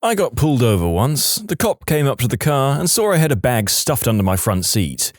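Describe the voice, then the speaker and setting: Man narrating with a lively, rising-and-falling delivery. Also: medium pitch, brisk, no room sound, clean studio sound. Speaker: podcast narrator. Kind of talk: scripted narration of reader stories.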